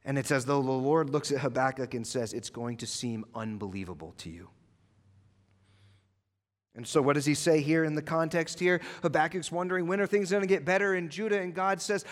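A male pastor preaching a sermon, swinging between loud emphatic lines and hushed low ones. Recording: long hall reverb.

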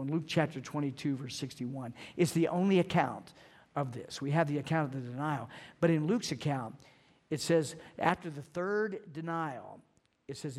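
A middle-aged man preaching a sermon, earnest and emphatic, slowing down to stress key phrases. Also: fairly high pitch. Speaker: pastor.

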